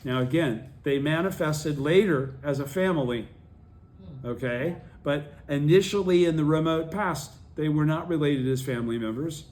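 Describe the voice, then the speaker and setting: A man's voice: on the high side, moderate pace, darkish tone. A man leading a study group, reading a text aloud and explaining it, often checking that his listeners follow.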